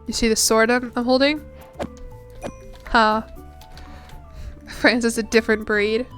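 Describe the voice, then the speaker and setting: Young woman streamer rambling casually, slightly high smooth voice, faint music behind. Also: level tone, unhurried, fairly bright tone. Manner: rambling, chatty, self-deprecating. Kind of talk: casual chat while gaming.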